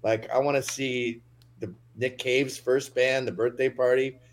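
A man's voice: medium pitch, level tone, measured pace. A man telling a long comedic story as a podcast guest, rambling and profane. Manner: rambling anecdotal delivery, profane.

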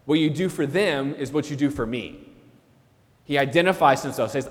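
A man's voice: medium pitch, moderate pace, big-room sound. A man, a priest, preaching a sermon in an earnest way and repeating key phrases for emphasis.

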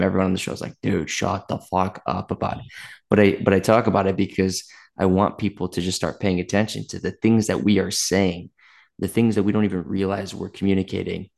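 A man's voice: sits low, vocal fry, darkish tone. A man hosting a podcast, talking in a loose, rambling casual way and swearing freely. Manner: rambling, casual, swears, says "dude" a lot. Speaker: podcast host.

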